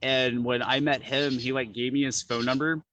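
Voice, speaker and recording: A man chatting casually, telling animated stories full of "like" and "dude". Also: medium pitch, normal speed, lo-fi sound, a little hiss or hum. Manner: animated storyteller, lots of "like" and "dude". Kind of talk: casual chat.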